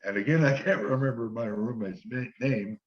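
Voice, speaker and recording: An older man, a former football player, relaxed as he tells long anecdotes in an interview and quotes the people in them. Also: medium pitch, normal speed. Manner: relaxed anecdotal storytelling, quoting others. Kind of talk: storytelling interview. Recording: dull lo-fi sound.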